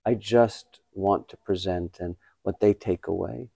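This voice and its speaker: A man in his fifties, a pianist and playwright, giving thoughtful, measured answers in an interview with many pauses. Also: low voice, fairly even intonation, creaky, warm tone, breathy edge, no room sound. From Canada. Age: 50s. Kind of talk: conversational interview.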